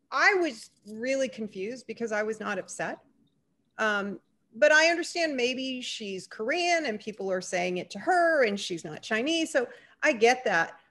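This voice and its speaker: A woman on a video-call panel recounts a personal encounter, her voice a touch high. She tells it vividly, slipping into the voices of the people in the story as she goes. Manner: animated storyteller who acts out the dialogue.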